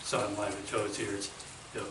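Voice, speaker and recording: A man's voice: on the low side, monotone, normal speed. A man hosting an interview, asking long rambling questions padded with fillers. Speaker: interview host. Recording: echoey, distant mic with faint noise.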